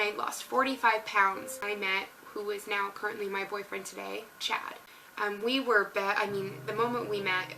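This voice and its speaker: A woman's voice: medium pitch, vocal fry, rough recording. A young woman in her twenties telling her personal fitness story in an earnest, emotional way, with music under her voice. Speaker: fitness vlogger.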